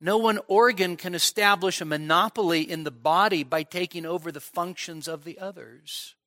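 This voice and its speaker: Emphatic high-voiced male preacher, dry sound. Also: normal speed, sharp tone, no room sound. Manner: emphatic, repeats words while building a point. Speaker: pastor. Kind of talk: expository sermon. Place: church midweek service.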